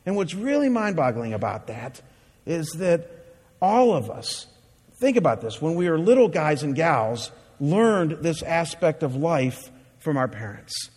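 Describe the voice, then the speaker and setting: A man's voice: on the high side, sing-song, a little slow, darkish tone, breathy edge, in a large hall. A man preaching a sermon as a pastor, earnest and emphatic, with many rhetorical questions.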